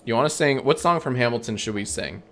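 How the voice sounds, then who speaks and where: A man's voice: mid-range voice, fast talker, vocal fry. Male streamer with a mid-range voice doing a dry, sarcastic comedy bit with himself. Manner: deadpan sarcastic banter, frequent swearing.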